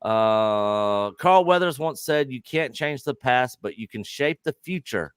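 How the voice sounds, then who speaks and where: An upbeat man hosts a casual livestream, reading donation messages to his chat. His voice is smooth and clear. The sound is dry and close, from a desk mic. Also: mid-range voice, lively intonation, no room sound. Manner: upbeat, reads donations aloud, quick affirmations. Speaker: host.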